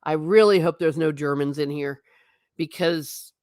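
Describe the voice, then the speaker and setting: A woman's voice: deep voice, a little slow, a little mellow, no echo, studio quality. A woman in her thirties hosting a livestream, reading chat and chatting in an emotional, laughing way. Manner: chatty and emotional, laughs often, self-interrupting. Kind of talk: casual chat.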